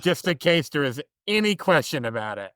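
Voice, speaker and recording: A man's voice: on the high side, sing-song, normal speed, fairly bright tone, clean tone, dry recording, clean studio sound. A man co-hosting a movie podcast in casual chat, with a blunt, teasing manner. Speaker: podcast co-host.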